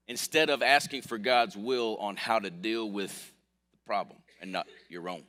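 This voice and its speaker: Male pastor, low voice, lively sermon delivery, reverberant sanctuary sound. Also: normal speed. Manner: lively storytelling preacher with swings from quiet to loud. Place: church sanctuary. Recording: long hall reverb.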